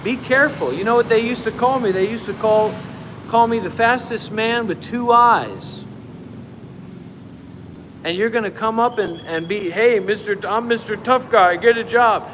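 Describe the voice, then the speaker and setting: A man's voice: high-pitched, normal speed, big-room sound, background noise, pitched above the performer's own voice, lightly acted. A man playing a boastful old-time tough-guy gunslinger who swaggers and issues warnings. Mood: swaggering.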